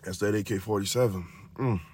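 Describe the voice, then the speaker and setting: A very deep-voiced man hosts a podcast on his own. He talks loosely and profanely, rambling along and stretching words out in long repeated runs. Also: steady tone, heavy background noise. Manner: profane, rambling, drawn-out repetitions. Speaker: podcast host. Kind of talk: casual monologue.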